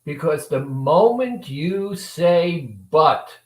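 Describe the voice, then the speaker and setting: A man's voice: on the high side, drawn-out words, echoey room, distant mic, poor audio. A man coach telling a motivational story, acting out both sides of a conversation. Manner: acts out both sides of a dialogue with lively shifts. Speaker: weight-loss coach.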